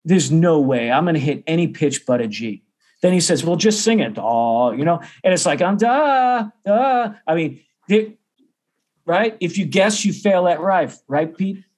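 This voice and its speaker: A man's voice: on the high side, moderate pace. A middle-aged man, a percussion teacher, telling a story casually and acting out the other people's voices. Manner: animated, acts out others' voices.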